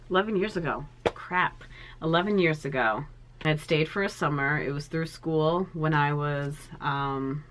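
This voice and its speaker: A woman in her thirties talks to her viewers about her art life in an easy, chatty way, sentimental and full of little fillers. Her voice sits low, and she takes her time. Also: a bit bright. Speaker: art vlogger. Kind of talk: casual chat to camera.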